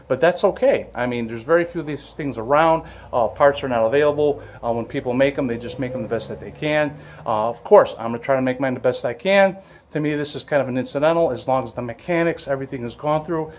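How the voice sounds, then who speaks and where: This is a man chatting casually on his own vlog. He rambles and hesitates, leaning on fillers as he thinks aloud. His pitch is ordinary for a man. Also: a little mellow. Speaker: vlog host, vehicle restorer. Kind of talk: casual chat.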